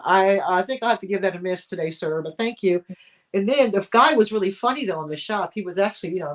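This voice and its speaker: A woman from the United States hosting a live video chat, talking in a casual way with frequent restarts and quick laughs. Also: mid-range voice. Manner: chatty, laughs often, full of restarts. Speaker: host.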